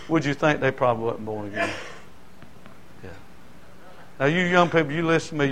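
A male pastor, preaching a sermon that swings from quiet talk to shouting, repeating his phrases. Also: medium pitch, a little fast, long pauses, a little hiss or hum, rough recording.

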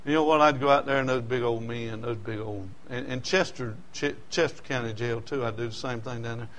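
A man's voice: mid-range voice, fairly even intonation, fairly quick, fairly bright tone, a little hiss or hum. A male preacher with a drawl delivers a sermon full of homespun testimony. His voice sits in an ordinary middle register, and he talks in a folksy, storytelling way. He climbs to emotional peaks as the stories build.

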